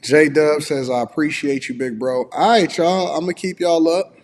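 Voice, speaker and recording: A man hosting a casual live stream from home, relaxed and a bit groggy with a slightly raspy voice, chatting and reading viewer messages aloud. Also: a little high, unhurried, long reverb tail. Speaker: host.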